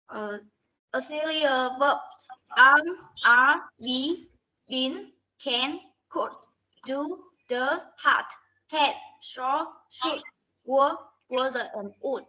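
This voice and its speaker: A woman student reading a class presentation on pronunciation, slowly and carefully going through word lists. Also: high-pitched, bright, forceful tone. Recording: dull lo-fi recording.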